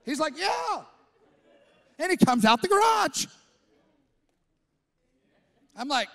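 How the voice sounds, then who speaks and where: A man, a pastor, telling a story in a sermon, acting out the voices and swinging from loud to hushed. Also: extremely high pitch, sing-song, slow, vocal fry, long pauses. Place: church stage.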